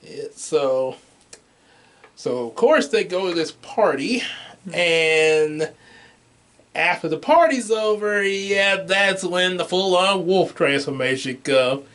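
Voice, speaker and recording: Man, slightly high voice, casual movie review chat, rambling, lots of restarts. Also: expressive, slow pace, a bit bright. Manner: rambling with many restarts, laughs at own jokes.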